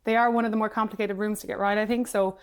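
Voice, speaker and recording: A woman's voice: medium pitch, level tone, fast talker, smooth. A woman co-hosting a podcast, giving practical advice in casual chat. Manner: practical, explains in detail. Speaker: podcast co-host.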